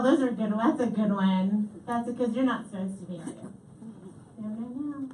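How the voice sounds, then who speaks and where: Echoey keynote woman, lively and animated. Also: fairly high pitch, normal speed. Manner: lively, animated, repeats audience answers. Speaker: keynote speaker. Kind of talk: comedic keynote talk. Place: large hall. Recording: echoey hall from far off, faint noise.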